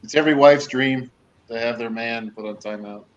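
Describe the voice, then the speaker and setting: A man with an average-pitched voice calmly explains how the jockey lost the race. He speaks in a plain, matter-of-fact way. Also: normal speed, dull audio. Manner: matter-of-fact racing analysis. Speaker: co-host. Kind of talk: casual race chat.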